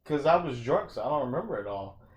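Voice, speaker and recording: Male podcast co-host, mid-pitch, blunt and profane; echoey room. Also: big pitch swings, quick pace. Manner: profane, blunt, self-mocking. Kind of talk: casual chat.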